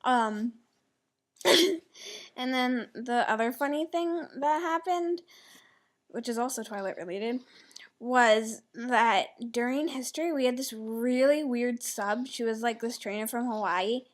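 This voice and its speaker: A woman's voice: fairly high pitch, takes it slowly. Giggly teen girl. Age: teenager. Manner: chatty, giggly, full of "like". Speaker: vlogger. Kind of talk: rambling casual chat.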